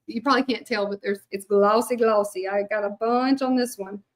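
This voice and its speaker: A woman's voice: medium pitch, steady tone, brisk. Chatty Southern woman lettering a sign. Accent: Louisiana Southern. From Louisiana. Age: middle-aged. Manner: chatty, rambling, many fillers, talks to viewers. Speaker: hand-lettering artist. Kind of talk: casual craft livestream chat.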